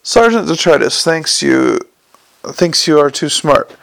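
A courteous, unflappable young police captain, earnest and formal, as a male audiobook narrator reads him. The voice sits a little high with a gravelly edge and a dry, close sound. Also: expressive, unhurried, a bit bright, dry recording, full character voice. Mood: politely probing.

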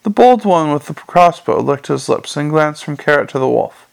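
A male audiobook narrator with a gravelly, fairly high voice. He tells the story in a dry, measured way. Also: lively intonation.

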